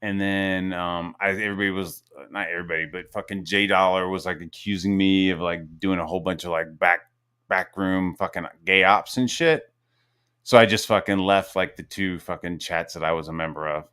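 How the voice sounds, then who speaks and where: Podcast host, young man, lower voice, loose and profane, rambles and quotes himself. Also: steady tone, normal speed, bright, forceful tone, smooth. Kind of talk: casual profane chat.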